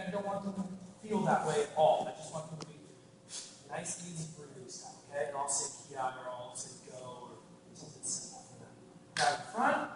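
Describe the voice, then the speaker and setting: A man teaching a martial arts class, coaching the student through strikes and shouting spirit yells. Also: on the high side. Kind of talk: demonstrating a class to an adult student. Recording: echoey hall, from far off, noisy.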